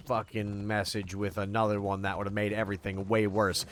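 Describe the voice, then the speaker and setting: A man's voice: fairly low pitch, flat delivery, a little fast, few pauses, fairly bright tone. A man chatting casually on a game livestream, playful and rambling, swearing freely as he talks to his chat. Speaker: streamer.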